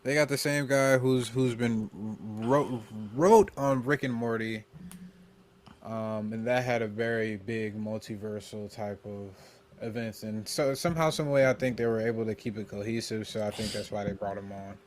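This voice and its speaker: Uomo che legge notizie in un podcast casual. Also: male voice, on the low side, steady tone, normal speed. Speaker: podcast co-host. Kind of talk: casual podcast chat, reading out an article and Q&A.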